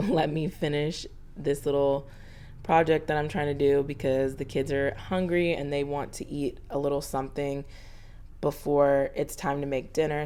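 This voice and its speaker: Woman, 30s, low-pitched vlog narrator; chatty and earnest, slightly breathless. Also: warm tone, clear, resonant tone. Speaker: homemaking vlogger. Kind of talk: casual voiceover narration.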